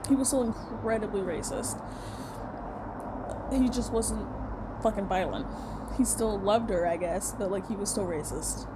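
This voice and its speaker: A woman's voice: mid-range voice, a little slow, long pauses, very noisy. A young woman telling a personal story in a casual rant, blunt and heated, swearing a lot. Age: young adult.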